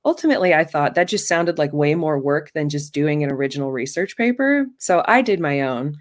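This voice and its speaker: A woman in her thirties tells a true story from her own life in a wry, self-mocking, chatty way. Her voice sits a little low for a woman. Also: lively intonation, fairly quick. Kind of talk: first-person live storytelling.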